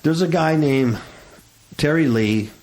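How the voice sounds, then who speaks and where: A man's voice: on the high side, slow pace, darkish tone. A man hosting a Christian talk radio show, rambling and stammering with indignant restarts.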